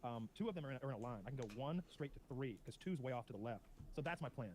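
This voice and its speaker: A man co-hosting a casual chat, telling a story quickly and swearing freely. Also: mid-range voice, a little hiss or hum. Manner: fast, animated, swears freely. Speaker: podcast co-host.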